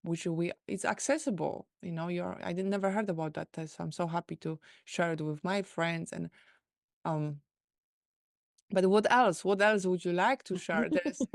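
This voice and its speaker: A woman host with a Polish accent, asking questions in a halting way as she searches for words. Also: lowish voice, steady tone, creaky, no echo, studio quality. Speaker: interview host. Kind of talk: conversational interview.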